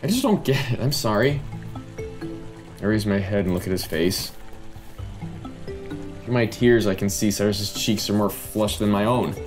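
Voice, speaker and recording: A man's voice: fairly low pitch, pitched below the performer's own voice, lightly acted. A man reading aloud as a young female student in a game's first-person narration, earnest and plain.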